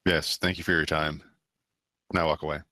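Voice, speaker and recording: A man playing a tabletop game, speaking quietly and politely in character. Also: very deep voice, little pitch movement, a little fast, dry recording. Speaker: player. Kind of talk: tabletop role-play.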